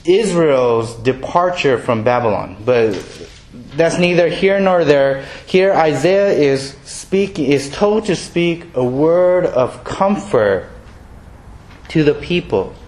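A man's voice: on the high side, expressive, takes it slowly, darkish tone. A man preaching a sermon in a conversational way, mixing scripture with everyday examples and playful voiced quotes. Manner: conversational, self-deprecating, acts out quoted voices. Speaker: pastor.

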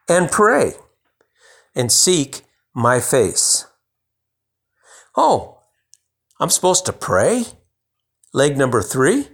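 A man preaching a sermon in a loose, conversational way. His voice sits a little high, and he often stumbles and restarts before climbing into emphatic, rising bursts. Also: breathy edge.

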